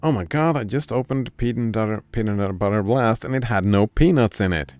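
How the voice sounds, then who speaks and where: A man's voice: fairly low pitch, a little fast, few pauses, a little mellow, no room sound. A man giving casual commentary while streaming a game, thinking aloud and chatting with viewers.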